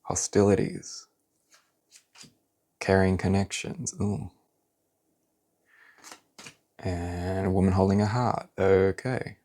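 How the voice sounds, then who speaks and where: A man doing a pick-a-card tarot reading, talking in a blunt, animated, casual way and swearing now and then. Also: low-pitched, slow, pauses often.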